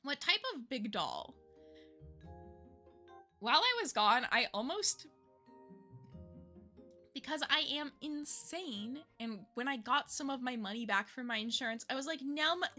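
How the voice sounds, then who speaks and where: A woman's voice: sits high, animated, measured pace, pauses often, pushed and bright, soft background music. A woman streamer in casual chat who laughs often and swears casually.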